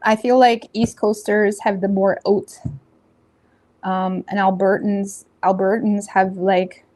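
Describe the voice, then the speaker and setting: A woman with a Nova Scotian accent doing a tarot reading in a rambling, casual chat, full of fillers and self-corrections, blunt and quick to laugh. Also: medium pitch, level tone, darkish tone. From Nova Scotia, Canada. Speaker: tarot reader.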